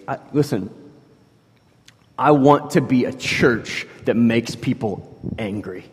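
A man preaching a sermon in a conversational way, shifting from quiet asides to loud, emphatic stretches. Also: on the low side, measured pace, husky. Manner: conversational, swings between soft asides and loud emphatic bursts. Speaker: pastor. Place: church hall. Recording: long hall reverb.

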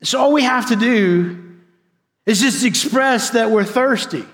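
A man preaching a sermon as a pastor, swinging between loud emphasis and hushed, quiet passages. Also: extremely high pitch, unhurried, long reverb tail.

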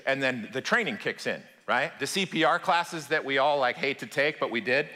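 A man preaching as a pastor, telling a personal story in a lively, conversational way and addressing the congregation directly. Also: medium pitch, normal speed. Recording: long hall reverb.

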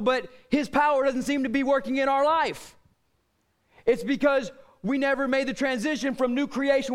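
Fervent high-voiced man preaching a sermon. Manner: fervent preaching that rises to shouts and drops low. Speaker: pastor.

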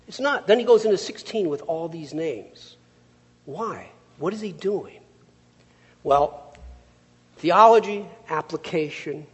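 A man delivers a sermon in a church, moving from scripture reading into lively, conversational storytelling. His voice sits a little high and is husky. His pitch swings widely, and a long reverb trails behind him. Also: a little slow, pauses often. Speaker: preacher. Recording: long reverb of a large hall.

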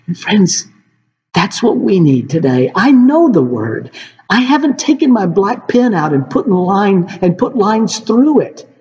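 A man's voice: high voice, sing-song, unhurried, darkish tone, a little hiss or hum. Earnest preacher, man, echoing hall. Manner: earnest, repeatedly addresses listeners as friends. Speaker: pastor. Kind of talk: sermon. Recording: dull reverberant hall recording.

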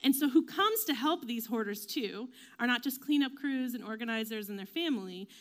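A woman giving a casual faith talk, chatty and self-deprecating, with lots of fillers and quick acted-out quotes. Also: a little high, lively intonation, fairly bright tone. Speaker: devotional speaker.

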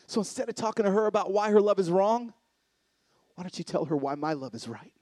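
A man voicing God as a gentle, fatherly figure, speaking softly in a lowered voice during a sermon. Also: expressive, brisk. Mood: tender. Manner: soft and lowered.

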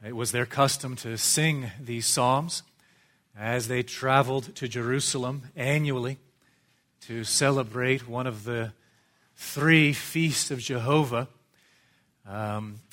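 A middle-aged man delivers a sermon in a church. He speaks in a measured, earnest way, lifting his voice for emphasis and sinking to soft, low asides. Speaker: preacher.

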